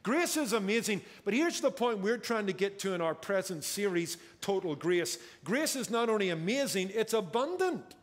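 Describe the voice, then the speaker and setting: A man's voice: high voice, sing-song, moderate pace, few pauses. A man preaching a sermon as pastor, emphatic and drawing out key words for effect, recorded in a church sanctuary. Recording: church hall with long reverb.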